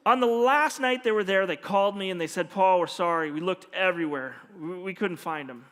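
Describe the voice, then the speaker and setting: Long hall reverb and faint music fill this church sanctuary recording. A pastor with a high, fairly bright voice, speaking at normal speed, delivers a storytelling sermon, performing the dialogue with animation.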